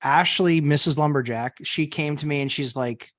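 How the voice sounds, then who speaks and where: Higher-voiced man telling a chatty story. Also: moderate pace, fairly bright tone. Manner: chatty anecdote-teller, many fillers and restarts. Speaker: podcast co-host. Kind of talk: casual storytelling chat.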